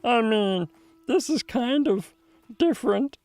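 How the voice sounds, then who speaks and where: A man putting on a silly high falsetto voice, drawn out and slow. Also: animated, darkish tone, no echo, heavily acted. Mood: playful.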